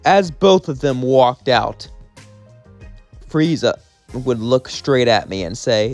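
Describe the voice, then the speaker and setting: Young guy as a casual storyteller, relaxed and mid-pitched, with faint music underneath. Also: slow, pauses often. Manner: casual, chatty, often quiet. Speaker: story narrator. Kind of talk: casual fan story narration.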